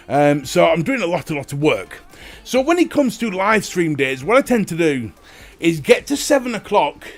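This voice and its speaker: A male livestream host chatting casually and jokily with viewers, swearing freely. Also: fairly high pitch. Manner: jokey, animated, swears freely. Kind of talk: casual chat greeting viewers.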